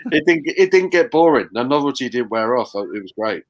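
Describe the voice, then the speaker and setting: A man's voice: medium pitch, very animated, fairly quick. A man hosting casual beer-drinking chat, full of teasing, sweary banter.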